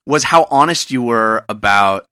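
A man's voice: medium pitch, lively intonation, measured pace, bright, forceful tone, clear, resonant tone, no echo, clean studio sound. A man hosting a gaming podcast, talking in an earnest, reflective way as he works through his thoughts in casual chat. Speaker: podcast host.

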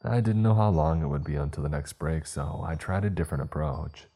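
Very deep, dark-toned male horror narrator. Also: slightly rough. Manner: measured, acts out dialogue in his own voice. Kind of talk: scripted first-person horror narration.

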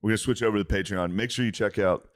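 A man's voice: lowish voice, rapid-fire, dry recording, clean studio sound. A young man hosting a podcast in casual chat, making wisecracks and steering the show along. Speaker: podcast host.

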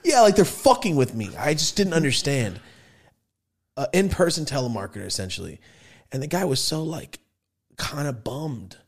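A man's voice: fairly high pitch, very animated, normal speed, husky. Laughing, rambling young man. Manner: laughing, rambling, swearing a lot. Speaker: podcast co-host. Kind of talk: casual podcast chat.

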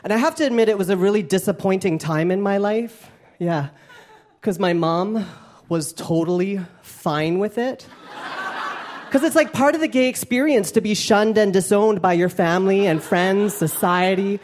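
A young man doing a stand-up comedy set, animated and campy, with playful asides to the crowd. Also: high-pitched, normal speed. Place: live comedy club stage. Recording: live club recording with crowd. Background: audience laughter.

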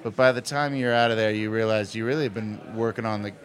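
A man's voice: fairly low pitch, fairly even intonation, quick pace. Playful man in casual interview chat. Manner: playful, jokey, laughs often. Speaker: actor guest.

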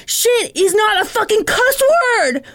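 A woman playing a foul-mouthed, hotheaded young man who rants, swears nonstop and boasts loudly. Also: sits high, expressive, normal speed, pitched above the performer's own voice. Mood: furious rant.

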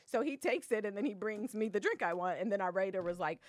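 A woman's voice: medium pitch, fast talker, no echo. A woman co-hosting a podcast, telling a story in casual chat and acting out what people said, often tagging on "okay?". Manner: animated storytelling, acts out quotes, repeats "okay?". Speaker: podcast co-host.

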